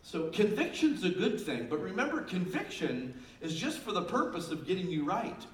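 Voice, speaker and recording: A man in his fifties preaches from scripture, his voice rising into loud emphasis and dropping into soft asides. The sound carries the echo of a large room. He stands back from the microphone, with a faint hum of ambience behind him. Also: high voice, big pitch swings, normal speed. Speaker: pastor. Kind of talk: sermon. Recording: roomy and distant with faint ambience.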